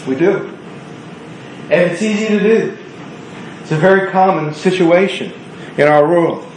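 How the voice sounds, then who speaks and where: A man with a high voice preaches earnestly and conversationally, leaning on words for emphasis. His voice rings through a reverberant room. A faint hiss sits underneath. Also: animated, a little slow. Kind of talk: sermon. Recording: echoey room.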